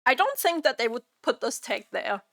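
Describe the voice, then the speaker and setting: A woman streamer chatting during a live reaction stream, exasperated and repeating her own phrases out loud. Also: on the high side, very animated, moderate pace, creaky.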